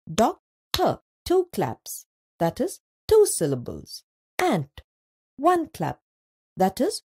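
A woman narrates a scripted lesson for young children, pacing it very slowly and drawing out each word. Her voice sits a little high and moves in a lively way. The tone is mellow and slightly breathy. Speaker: teacher.

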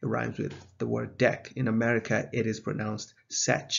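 Gravelly, flat-toned male math teacher. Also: fairly low pitch, muffled recording. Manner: measured, explanatory, with some fillers. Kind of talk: video lesson.

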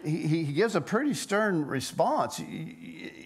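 A man preaching a sermon as a pastor, telling a story with lively energy and frequent stammered restarts. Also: a little high, moderate pace, gravelly, breathy edge.

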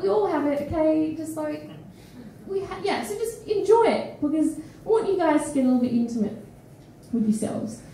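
Tired Australian woman poet, high voice, frank stage banter, echoey mic from far off. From Perth, Australia. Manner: animated, frank, swears often, laughs mid-sentence. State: tired and phlegmy. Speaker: feature poet. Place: small indoor studio venue with live audience.

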